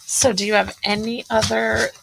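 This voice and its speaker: A middle-aged woman co-hosting a casual medical podcast, chatty and quick to laugh. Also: a little high, little pitch movement, vocal fry, noisy background. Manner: chatty, laughs easily, reads testimonials aloud. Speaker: podcast co-host.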